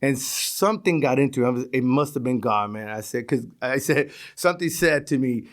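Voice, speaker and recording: A man's voice: medium pitch, lively intonation, fairly quick, fairly bright tone. A middle-aged man, a retired police sergeant telling street stories in a casual, profane way, often restarting his words. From East New York, Brooklyn. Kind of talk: casual storytelling.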